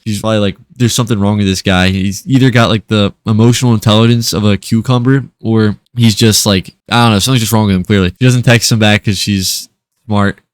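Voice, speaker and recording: A man's voice: on the low side, no echo, studio quality. A man doing casual, sarcastic commentary as he reads out and mocks text message screenshots. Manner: sarcastic, mocking, quick-talking. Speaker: reaction video creator. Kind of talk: casual commentary reading texts aloud.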